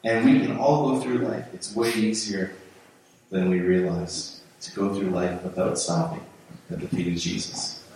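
Low-voiced guy preaching in church, chatty sermon, lots of restarts, super echoey and kinda far from the mic. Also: fairly even intonation, unhurried, a little mellow, slight background noise. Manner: conversational, with frequent restarts and repeated words. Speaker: pastor. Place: church sanctuary.

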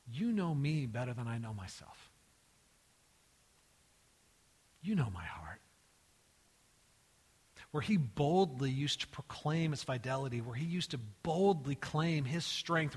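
A man preaching a sermon, acting out the dialogue of the story in lively voices and dropping into hushed, quiet tones. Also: on the high side, breathy edge, long reverb tail. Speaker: pastor.

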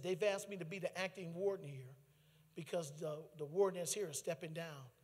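Man, high voice, animated testimony preacher, reverberant hall. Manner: animated storytelling with laughter and asides. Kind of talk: testimony sermon.

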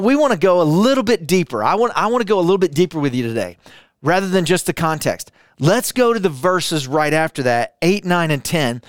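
High-voiced emphatic male preacher. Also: no room sound, clean studio sound. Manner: emphatic, repeats phrases, asks listeners to repeat after him. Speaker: pastor. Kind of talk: sermon.

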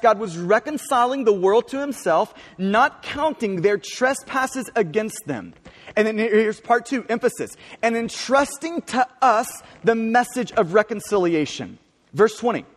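High-pitched guy preaching, earnest, stumbles and restarts a lot, long echo off the hall. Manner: earnest and emphatic, with stammered restarts. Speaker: pastor. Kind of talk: sermon.

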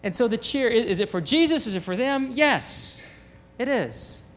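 Excitable pastor with a high voice. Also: male voice, normal speed. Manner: animated, excitable, repeats words. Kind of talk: sermon. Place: church sanctuary. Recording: long hall reverb in a church.

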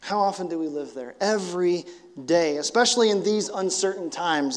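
High-voiced pastor preaching in a hall. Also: male voice, moderate pace. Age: 40s. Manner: animated, conversational, rising to emphatic outbursts. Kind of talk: sermon.

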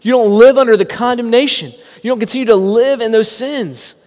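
A man preaching a sermon, emphatic, asking rhetorical questions and dropping to a hushed voice for quotes. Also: very high voice, fairly quick, in a large hall. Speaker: pastor.

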